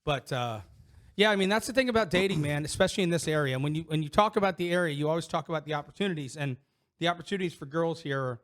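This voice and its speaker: A middle-aged man with a fairly high-pitched voice, co-hosting a casual podcast. He talks candidly and rambles, circling back with fillers and false starts as he tells personal stories. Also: racing, fairly bright tone. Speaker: podcast co-host. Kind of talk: casual chat.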